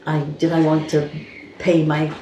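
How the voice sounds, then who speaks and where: Older woman, Cardiff accent, low voice, chatty storyteller, echoey room, noisy background. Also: monotone, unhurried, muffled recording. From Wales. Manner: chatty storyteller, laughs through her tales. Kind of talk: casual group reminiscing.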